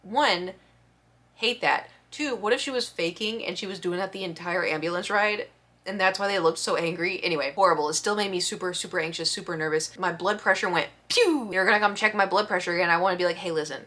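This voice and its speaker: A woman vlogger telling a story in casual chat, expressive and acting out the quotes. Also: lowish voice, fairly quick. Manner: chatty, expressive storyteller who acts out quotes.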